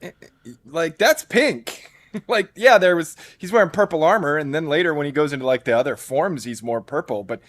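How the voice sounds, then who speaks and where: A man co-hosting a casual hangout stream, animated and swearing as he laughs along. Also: fairly high pitch, normal speed, no echo. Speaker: podcast co-host. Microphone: desk mic on a live stream.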